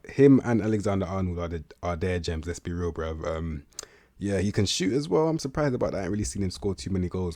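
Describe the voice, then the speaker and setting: A man's voice: sits low, mellow, no echo, studio quality. An eighteen-year-old man, giving casual, rambling video-game commentary, full of slang and restarts. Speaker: gaming commentator.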